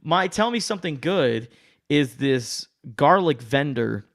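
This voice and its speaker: A man co-hosting a podcast, talking in a quick, animated, joking way. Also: on the high side. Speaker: podcast co-host. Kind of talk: casual chat.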